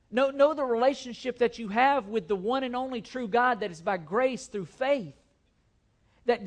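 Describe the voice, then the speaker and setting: A man preaching a sermon to his church, earnest and emphatic, often repeating his key phrases. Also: extremely high pitch. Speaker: pastor. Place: church sanctuary.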